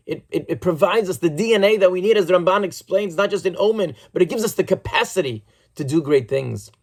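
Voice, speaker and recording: A rabbi giving a sermon, telling stories earnestly in a measured, reflective way. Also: male voice, a little high, creaky, darkish tone.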